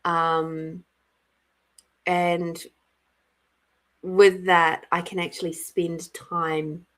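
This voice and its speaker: A woman's voice: fairly low pitch, little pitch movement, extremely slow. A middle-aged woman from Australia hosting a casual live-stream card reading, chatty and giggly, greeting viewers by name. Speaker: intuitive card reader and live-stream host.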